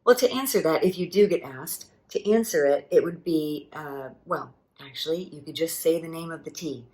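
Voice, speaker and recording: A middle-aged woman giving a relaxed spoken language lesson, patiently explaining and repeating words. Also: low-pitched, normal speed, rough recording. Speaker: language teacher.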